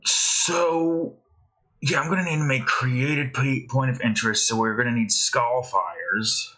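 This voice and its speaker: A man's voice: mid-range voice, a little slow, sharp tone, low-quality recording. A man, a game developer, thinking aloud as he builds, muttering hesitantly and questioning himself.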